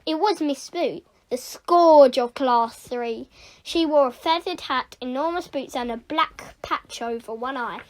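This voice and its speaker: A woman reading a children's book aloud with lively, expressive storytelling. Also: high-pitched, slow pace. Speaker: storybook reader.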